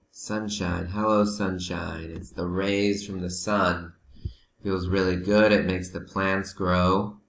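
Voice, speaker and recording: A man with a low, gravelly voice walks learners through vocabulary at an unhurried pace, switching into Spanish to help them along. He sounds patient. The sound is roomy, with some echo. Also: a bit bright. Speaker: teacher. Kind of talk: remote vocabulary lesson.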